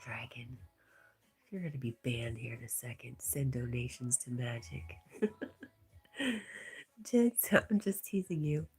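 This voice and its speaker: Low husky woman reading chat softly. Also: expressive, slow, long pauses. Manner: reads viewer comments aloud, often softly whispered. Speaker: livestream host reading chat. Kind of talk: casual livestream chat.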